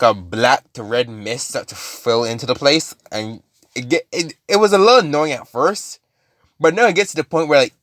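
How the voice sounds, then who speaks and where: A man's voice: medium pitch, fairly bright tone, no room sound, clean studio sound. A man casually retelling a story, rambling with lots of fillers and restarts.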